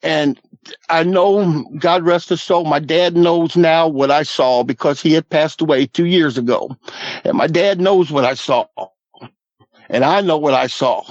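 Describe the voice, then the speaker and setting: Man, fifties, slightly high voice, earnest folksy storyteller, dry lo-fi audio. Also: measured pace, dry recording. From Southwest Missouri Ozarks. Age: 50s. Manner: earnest, folksy, repeats "I said" and "he goes". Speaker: guest. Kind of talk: recounting a personal encounter.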